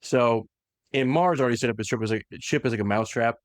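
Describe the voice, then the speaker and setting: Casual podcast host, male, mid-pitched, retells plot with quick voiced quotes; dry close recording. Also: no echo. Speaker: podcast host recapping lore. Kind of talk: casual lore recap chat.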